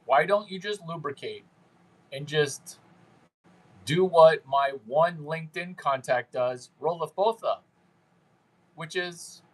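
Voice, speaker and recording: A man's voice: on the high side, takes it slowly, pauses often, poor audio. A man hosting a livestream, chatting with viewers in a brash, crude, rambling way and mocking them. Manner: mimics viewers in put-on voices. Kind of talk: unscripted livestream chat with viewers.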